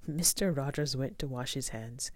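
A woman reading a children's storybook aloud, gentle and expressive. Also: rumbling low, moderate pace, dry recording.

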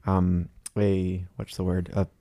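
A young man co-hosting a podcast in a loose, rambling way, padding his points with ums and false starts. His voice sits a bit low, recorded close and dry with no room sound. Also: flat delivery, slow pace, mellow, no room sound. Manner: rambling, lots of fillers and restarts, laughs often. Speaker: podcast co-host. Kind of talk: casual chat.

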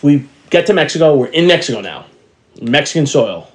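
A man's voice: a little high, sing-song, brisk. Rambling middle-aged man telling stories. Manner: rambling storyteller, acts out quoted voices. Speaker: podcast co-host. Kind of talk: casual chat.

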